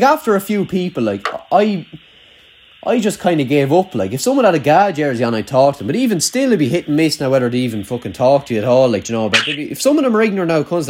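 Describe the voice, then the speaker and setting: With a fairly high voice and slight background noise, a young man from Ireland chats casually in a rural Irish accent. He swears freely and rambles, leaning hard on "like".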